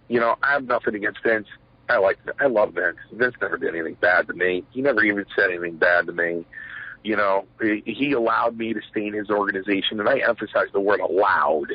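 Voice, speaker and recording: A middle-aged former pro wrestler rambles through stories in a shoot interview, full of fillers and acted-out quotes. His voice sits on the low side with a breathy edge. The recording is dull, lo-fi and dry.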